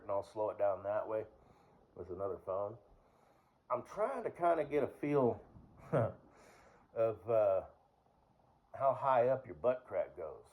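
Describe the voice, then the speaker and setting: This is a man with a somewhat low voice, talking on his own in a loose, rambling monologue. He meanders from point to point, leaning on fillers and clearing his throat now and then. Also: mellow. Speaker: vlogger.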